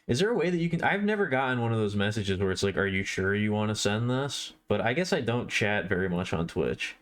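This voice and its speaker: A man's voice: lowish voice, big pitch swings, brisk. Rambling male livestreamer chatting with viewers. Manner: rambling, self-correcting, talks to viewers while drawing. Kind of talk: casual live-stream chatter to chat.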